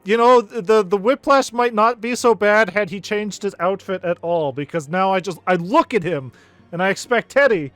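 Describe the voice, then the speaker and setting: A man's voice: high voice, normal speed, fairly bright tone, no room sound. Sarcastic, swearing game streamer man. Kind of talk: casual game stream commentary.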